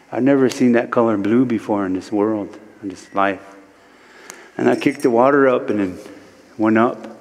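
A man from Standing Rock, a guest speaker at a church service, telling a spiritual story slowly, with many repeated "he said" lines. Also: mid-range voice, big-room sound. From Standing Rock, United States. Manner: slow and repetitive, retelling speech with many "he said".

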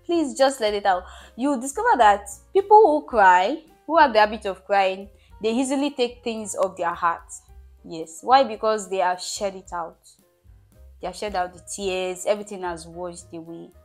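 A woman's voice: medium pitch, animated, normal speed. A woman giving relationship advice in a casual monologue, emphatic and repetitive, coaxing her listener and laughing at herself. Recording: faint music behind.

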